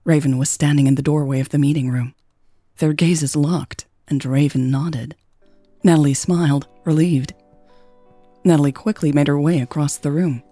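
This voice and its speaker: A woman reading a serialized romance story aloud in a gentle, even storytelling manner. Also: sits low, moderate pace, no echo, faint music behind. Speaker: podcast narrator. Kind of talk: scripted narration of a romance story.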